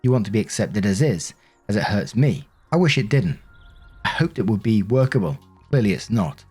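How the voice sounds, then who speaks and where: Man reading accusing wife, reproachful, husky, lowish voice, Reddit story narration. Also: big pitch swings, normal speed, darkish tone, faint music behind. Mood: hurt. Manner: bitter, reproachful, pleading. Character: wounded, accusing wife in her marriage.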